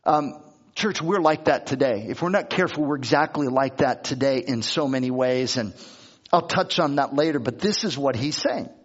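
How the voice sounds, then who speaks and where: A man's voice: mid-range voice, normal speed, dull audio. A male pastor preaching a sermon in a conversational way, often restarting and repeating words as he reads and explains scripture.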